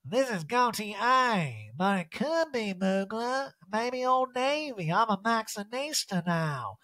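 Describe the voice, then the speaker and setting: A man putting on a brash, haughty woman's voice with a slow drawl. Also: sits high, big pitch swings, sharp tone, dry recording, pitched above the performer's own voice, full character voice. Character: brash, tipsy glamorous woman, snappish.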